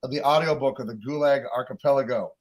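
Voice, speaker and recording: A man's voice: medium pitch, fast. Earnest rambling man. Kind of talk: casual chat.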